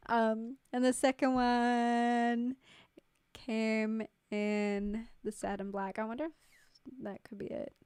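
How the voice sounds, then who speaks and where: A woman's voice: fairly high pitch, steady tone, moderate pace, darkish tone, clean tone, no room sound. A young woman chatting casually with viewers on a livestream, rambling and full of "like", with casual swearing. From New Zealand. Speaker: streamer. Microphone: studio mic.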